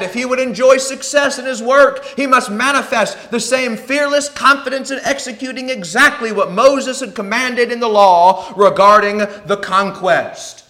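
A man with a high, bright voice delivers an evening Bible study sermon. He speaks earnestly, reading scripture passages and slowing down to stress key points. His tone stays clear and pointed throughout. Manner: earnest, slows down for emphasis. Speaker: preacher.

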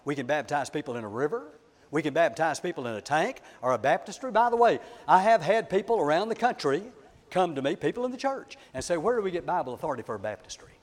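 A man preaching a sermon, emphatic and swinging between loud declarations and soft asides. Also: a little high, sing-song, brisk. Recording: long hall reverb.

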